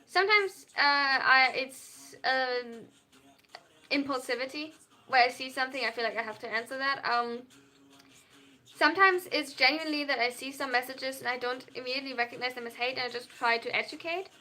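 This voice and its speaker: Non-binary streamer, German accent, young adult, bright and sharp tone, earnest live-stream chat replies. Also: high voice, brisk. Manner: earnest, reads chat aloud and replies at length.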